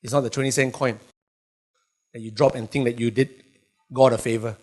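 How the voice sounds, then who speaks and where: A man's voice: medium pitch, steady tone, moderate pace, a little mellow. A middle-aged male pastor preaches animatedly, with emphatic bursts and playful asides. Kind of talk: sermon.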